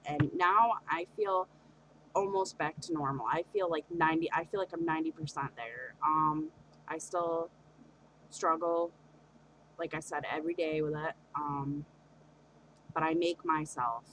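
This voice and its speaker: A woman's voice: sits low, a bit bright, a little hiss or hum, low-quality recording. A young woman talking through a personal confessional vlog, hesitant and earnest, with many fillers and restarts. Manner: earnest and open about her feelings. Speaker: vlogger.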